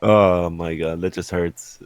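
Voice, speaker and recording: Podcast co-host, male, very low voice, relaxed listener with short reactions, dry recording. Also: slow, smooth, no echo. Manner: laid-back listener, brief agreeing replies. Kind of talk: casual chat, short reactions.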